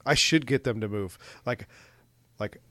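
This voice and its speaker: A man's voice: lowish voice, a little slow, dry recording. A man co-hosting a podcast, casually recapping a movie with crude jokes and frequent laughter. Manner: laughs often, animated retelling with crude jokes. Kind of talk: casual chat.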